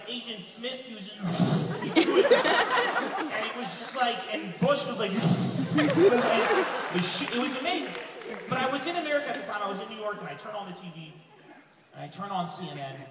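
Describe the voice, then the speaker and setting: A man from Lebanon performing a stand-up comedy set, telling stories in an animated way and acting out other people's voices. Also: high-pitched. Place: comedy club stage before a laughing audience. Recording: echoey distant room mic with loud crowd noise.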